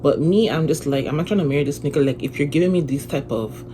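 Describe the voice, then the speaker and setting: A young woman chatting through a storytime on her phone, profane and animated as she retells it. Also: deep voice, fast talker. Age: young adult. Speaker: vlogger. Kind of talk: casual storytime vlog. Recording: noisy phone recording with room ambience.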